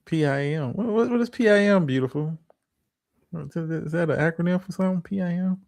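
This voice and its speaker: A man's voice: on the high side, fairly quick, gravelly, a little mellow, no echo. A man hosting a livestream, reacting to a clip with profane, stammering, preachy relationship advice. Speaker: streamer host.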